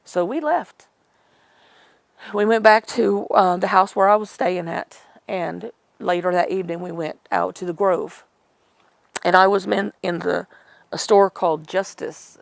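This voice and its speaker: A middle-aged woman recounts a personal story in an interview, her voice low and edged with fry. She rambles, restarts and corrects herself as she retells old conversations. The sound is close and dry. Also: no room sound.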